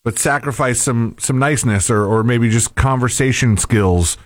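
Relaxed male co-host, dry close mic, casual rambling talk-radio banter. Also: medium pitch, normal speed, no echo. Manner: easygoing, rambling with fillers.

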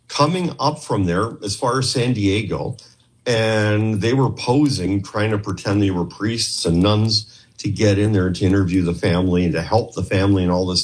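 A man from Canada telling a story in a casual interview, rambling and acting out the dialogue he had with others. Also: fairly low pitch. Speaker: podcast guest, former investigator.

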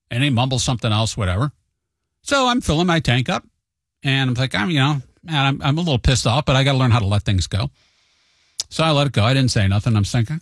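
A man riffs through a casual monologue, spinning everyday stories and jumping into higher, animated voices whenever he quotes someone. His voice sits at an ordinary middle pitch. The recording is dry and close, with no room sound. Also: fast, no room sound. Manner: chatty storyteller, acts out quotes with a raised voice; admits he tends to be hot-headed.

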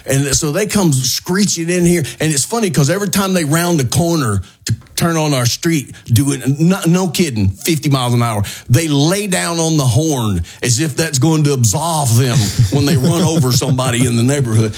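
A middle-aged man with a slightly husky voice, pitched a little high for a man, spins a casual story on a radio show. He talks in an animated way and breaks into yelping impressions of the people in his tale. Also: moderate pace, hardly any pauses. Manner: animated storyteller, mimics shouting neighbors in high yelps.

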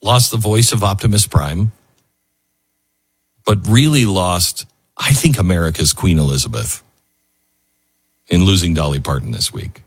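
A man's voice: low-pitched, measured pace, pauses often, breathy edge, no room sound. A man hosting a talk radio show, musing in an emotional, rambling monologue full of restarts.

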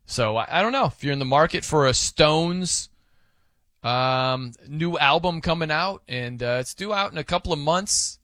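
A man's voice: a little high, normal speed, a bit bright, dry recording. A man hosting a sports radio show in casual, rambling, self-amused banter at a studio microphone.

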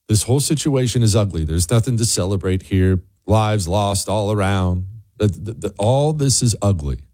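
A man's voice: fairly low pitch, normal speed, hardly any pauses, no echo. Emphatic male commentary host, dry sound. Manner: emphatic, animated, repeats for effect. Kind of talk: opinion monologue.

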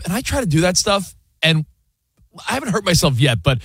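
A man's voice: sits high, fairly quick, slightly rough, no echo, soft background music. A man co-hosting a sports radio show, rambling in casual banter with plenty of fillers. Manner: animated, rambling, with lots of fillers and sound effects. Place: radio studio. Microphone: studio mic.

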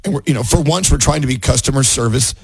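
A man's voice: mid-range voice, quick pace, husky, dry recording. A man hosting a radio show, joking and laughing with his co-hosts and a caller. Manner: animated, laughing, playful. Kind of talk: casual morning radio banter.

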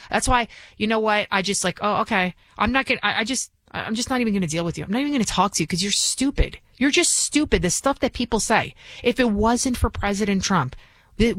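A woman's voice: medium pitch, dry recording. A woman filling in as a talk radio host, delivering a combative, scornful monologue full of restarts and asides.

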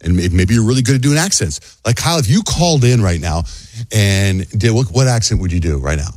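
A male radio host running a lively call-in segment, laughing often and repeating the phone number. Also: fairly low pitch, a little fast, no echo, studio quality. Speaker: radio morning show host. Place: radio studio.

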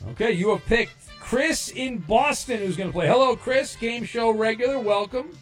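A man's voice: very high-pitched, normal speed, faint music behind. A man hosting a call-in game show on the radio, rambling through fillers and jokes. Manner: rambling, stumbles over fillers. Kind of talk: loose, joking radio talk.

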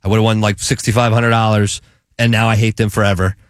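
A man hosting a sports betting show, talking picks in a chatty, enthusiastic way with halting restarts. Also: fairly low pitch, level tone, dry recording, clean studio sound. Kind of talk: casual sports betting chat.

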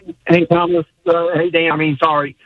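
A man calling in to a radio show, quickly correcting the host with a chuckle. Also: fairly high pitch, flat delivery, dry recording. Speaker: caller. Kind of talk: call-in radio talk. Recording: tinny phone line.

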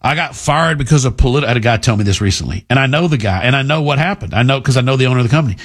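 A man's voice: medium pitch, rapid-fire, husky. A middle-aged man hosting a talk radio show, delivering a blunt, combative, opinionated monologue.

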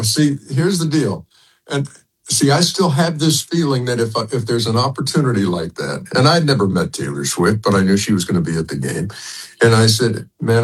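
A man's voice: medium pitch, breathy edge, low-quality recording. An older man, a sports broadcaster, talking as a guest in a casual radio interview, rambling with frequent restarts and chuckles.

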